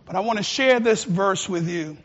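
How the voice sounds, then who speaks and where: A male pastor preaching a sermon with passion, swinging from quiet, earnest words to shouts. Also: high-pitched, moderate pace, muffled recording.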